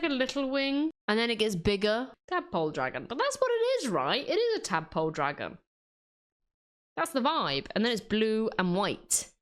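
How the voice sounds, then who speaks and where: A woman chatting casually to herself as she draws, in a self-mocking, rambling way. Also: medium pitch. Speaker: artist and video creator. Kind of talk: casual commentary while drawing.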